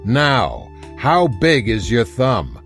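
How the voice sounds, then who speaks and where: A man voicing a gruff, blunt male navy engineer officer who barks curt commands in an audiobook. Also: medium pitch, big pitch swings, measured pace, soft background music, voice pushed up.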